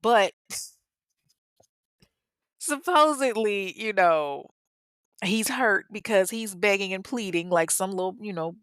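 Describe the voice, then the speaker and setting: A woman's voice: mid-range voice, lively intonation, slow, pauses often, a bit bright, smooth, no room sound, studio quality. A young woman retelling a true-crime story in casual talk, blunt and profane, with mocking asides.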